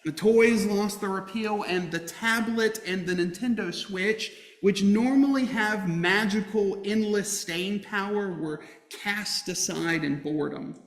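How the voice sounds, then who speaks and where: A man delivers a sermon as pastor, weaving a humorous personal story into his message. He speaks slowly, with deliberate pauses. The sound carries a long, roomy church reverb. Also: high-pitched. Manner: storytelling with humor, lively emphasis. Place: church sanctuary.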